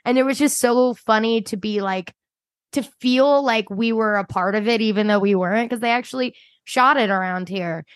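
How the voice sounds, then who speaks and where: Upbeat woman podcast host, highish voice, dry close sound, chatty and loose. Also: normal speed, no echo. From Delaware County, Pennsylvania. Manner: chatty, upbeat, swears casually. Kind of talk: casual podcast chat.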